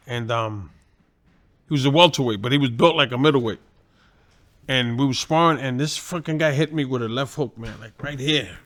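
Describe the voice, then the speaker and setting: A man in his sixties, a guest telling animated, profanity-laced stories in casual conversation, laughing at his own tales. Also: medium pitch, moderate pace. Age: 60s. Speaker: guest, boxing trainer and former champion. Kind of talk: casual storytelling.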